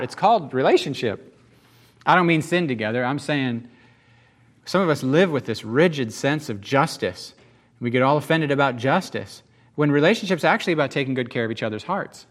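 A man's voice: a little high, expressive, a little fast. A man preaching a sermon in a folksy, conversational way, often asking the congregation rhetorical questions. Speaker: pastor.

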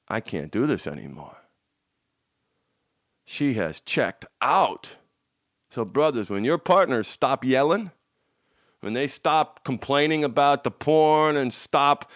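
A man gives a motivational coaching talk, hammering points home with repetition and frank, salty language. His voice sits fairly high and jumps between loud bursts and hushed lines. The sound is dry and close. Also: expressive, slow pace, pauses often, no echo. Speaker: addiction recovery coach.

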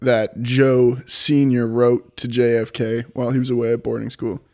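A man's voice: medium pitch, flat delivery, normal speed, dark tone. A man with a Boston accent co-hosting a casual comedic history podcast, reading his script in a loose, profane, laughing manner.

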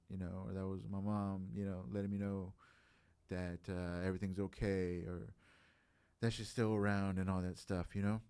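A man's voice: low-pitched, normal speed, dark tone, clear, resonant tone, no echo. A man in his late thirties chatting casually on a podcast, reflective and rambling, full of filler phrases. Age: late 30s.

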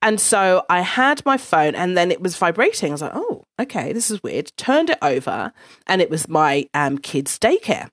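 A woman telling a personal story in a casual, blunt monologue. She swears freely and speaks with an animated delivery. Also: fairly low pitch, normal speed, no room sound, clean studio sound.

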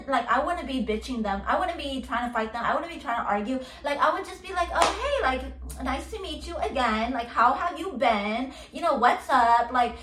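A young woman rants through a casual podcast monologue, stacking filler words and curses as she vents. Her voice sits high. The recording is roomy and echoey, with her a little off the mic. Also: fairly bright tone, distant mic, slight background noise. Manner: ranting, heavy filler words, swears a lot. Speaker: podcast host.

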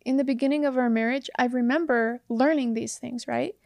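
A woman's voice: fairly high pitch, steady tone, a little fast, gravelly, a little mellow, dry recording, clean studio sound. A woman co-hosting a casual chat about relationships, talking earnestly and chattily, laughing often. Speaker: co-host, married partner.

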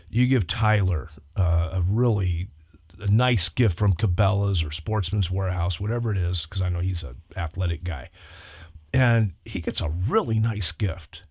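A man, a pastor on a church talk show, chatting casually and telling stories with lively acted-out asides. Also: on the low side, husky, dry recording, clean studio sound. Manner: animated storyteller, acts out quoted people.

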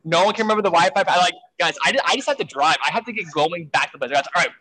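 A man's voice: high voice, rapid-fire, bright, forceful tone, poor audio. A man telling a frantic story in a casual way, full of fillers and swearing. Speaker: guest storyteller.

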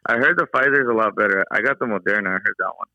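Gravelly, fast man on a dull phone call. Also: on the low side, sharp tone, dry recording. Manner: rambling, filler-heavy. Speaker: caller. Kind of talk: casual chat.

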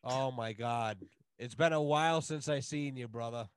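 A man guesting on a podcast, ranting loudly and swearing heavily in casual chat. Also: medium pitch, normal speed, smooth. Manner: loud, swearing, heated. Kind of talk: casual profane rant.

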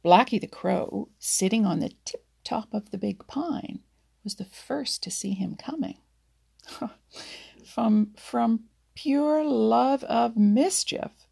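A woman reading a children's storybook aloud, soft and unhurried, often half-whispered. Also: medium pitch, creaky, breathy edge.

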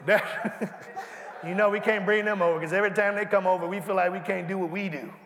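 A man preaching a sermon, calling out to the congregation and building to shouts. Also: high voice, steady tone, fairly quick. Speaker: pastor. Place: large church hall. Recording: echoey church hall.

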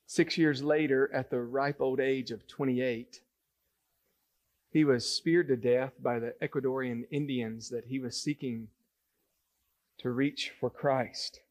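A man's voice: medium pitch, fairly even intonation, slow, darkish tone. A man preaching a sermon to a congregation, earnest and building to emphatic points as he reads scripture. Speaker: pastor. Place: church sanctuary.

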